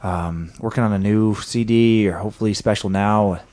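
A man, a stand-up comedian guest, improvising a scene with quick, agreeable interjections. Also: lowish voice, steady tone, darkish tone.

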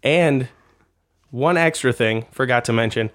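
A man's voice: mid-range voice, measured pace, a bit bright. A man co-hosting a comedy podcast, chatting crudely and laughing his way through reading a news story aloud. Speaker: podcast co-host.

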